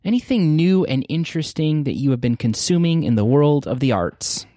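A man's voice: a little high, lively intonation, moderate pace, mellow, no room sound, studio quality. A man co-hosting a podcast, chatting casually and enthusiastically about movies and shows. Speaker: podcast co-host.

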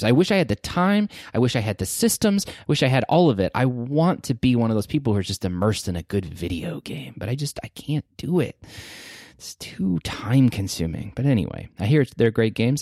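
A man's voice: medium pitch, fairly quick, no room sound. A chatty podcast co-host, a man whose voice swings widely up and down as he gushes about what he's been watching. The sound is close and dry, with no room around it. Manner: enthusiastic, animated, chatty. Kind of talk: casual podcast chat.

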